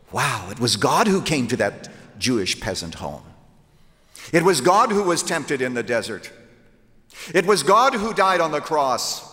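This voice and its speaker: A man's voice: a little high, very animated, unhurried, sharp tone. Emphatic male preacher in an echoing hall. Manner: emphatic, rhetorical, quoting scripture in old-fashioned wording. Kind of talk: sermon. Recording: long hall reverb from a large room.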